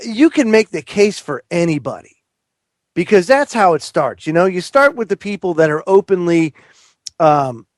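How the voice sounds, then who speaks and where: A man's voice: sits high, no room sound, clean studio sound. A man appearing as a guest on political talk radio, speaking emphatically and with indignation.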